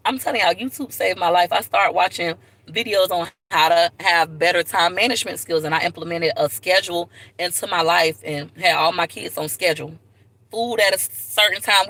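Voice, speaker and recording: A young woman from Tampa chatting casually to viewers on a live video from her car, lively and direct. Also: on the low side, poor audio. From Tampa, Florida. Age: young adult. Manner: chatty, animated, talks straight to viewers. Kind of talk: casual livestream chat. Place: in a car at a park. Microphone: phone camera.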